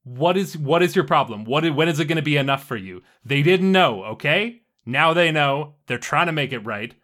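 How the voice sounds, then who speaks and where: A hot-tempered young woman crew leader, loud and exasperated, as a man puts her on in a tabletop game. Her voice jumps well above his usual pitch and she pushes hard with a bright, forceful edge. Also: animated, moderate pace. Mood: angry.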